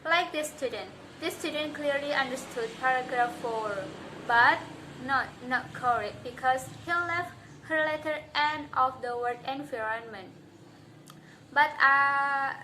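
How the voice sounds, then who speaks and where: A woman who speaks English as her first language, giving a public talk on stage. She speaks deliberately and with emphasis, addressing the audience directly. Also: high-pitched, pushed and bright, a little hiss or hum. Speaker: conference speaker. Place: stage before a live audience.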